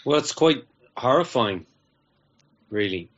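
A man's voice: mid-range voice, animated, slow pace, highs cut off. A man, a guest in an interview, telling a long story in a rambling way and often repeating his words. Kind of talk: casual anecdotal storytelling.

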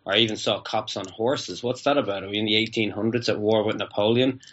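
A man's voice: lowish voice, steady tone, a little fast, fairly bright tone, a little hiss or hum. An Irish man, a comedian guest on a radio interview, telling stories in a joking, incredulous way. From Ireland. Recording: dull lo-fi radio audio.

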